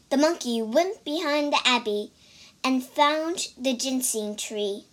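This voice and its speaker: A woman reading a story aloud in a slow, clear manner for English learners. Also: high-pitched.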